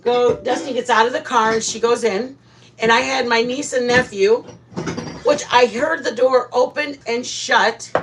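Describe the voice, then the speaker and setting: A woman hosting a live stream, chatting casually with viewers and telling animated stories, often laughing. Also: on the high side, moderate pace, background noise.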